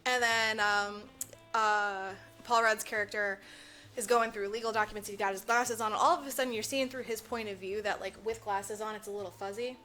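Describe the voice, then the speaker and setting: A woman's voice: mid-range voice, fairly quick, faint music behind. A woman podcast co-host recapping a movie in casual chat, swearing freely and mimicking the characters as she goes. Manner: animated, profane storytelling, mimics characters.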